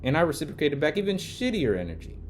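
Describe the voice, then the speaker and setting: A man's voice: a little high, big pitch swings, fast, slight background noise. Heated swearing man telling a story. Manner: heated, swearing, gets loud when retelling the argument. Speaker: vlogger. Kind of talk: casual storytime rant. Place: Los Angeles.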